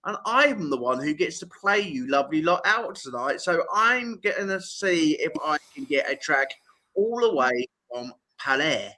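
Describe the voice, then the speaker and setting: A man hosts a live music stream in a loose, joking chat. His voice is very bright and sits a little high, and he teases his co-host and hypes the next track. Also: sing-song, a little slow. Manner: playful, chatty, teasing.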